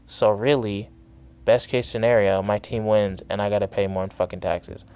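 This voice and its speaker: A man's voice: fairly low pitch, steady tone, normal speed, darkish tone, smooth. A young man hosting his own podcast, delivering an angry, sarcastic, profanity-heavy solo rant. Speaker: podcast host.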